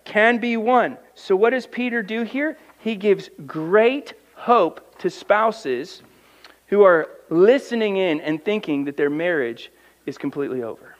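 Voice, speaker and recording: A man's voice: sits high, unhurried. A man, a pastor, preaching a conversational sermon in church, asking the congregation rhetorical questions and acting out quoted voices. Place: church sanctuary.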